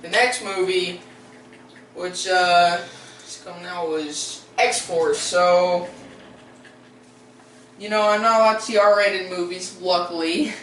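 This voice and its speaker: A man's voice: sits high, fairly even intonation, slow pace, long pauses, fairly bright tone, far from the mic. A teenage boy hosting a casual vlog, rambling and hesitant, full of fillers and restarts. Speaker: video host. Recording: roomy echo, voice away from the mic, faint background noise.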